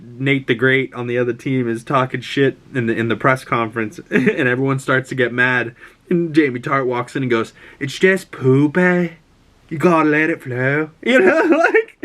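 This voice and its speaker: A man's voice: medium pitch, fairly bright tone. A man hosting a casual chat show, rambling and swearing freely, with frequent restarts. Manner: rambling, profane, stop-start. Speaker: podcast host.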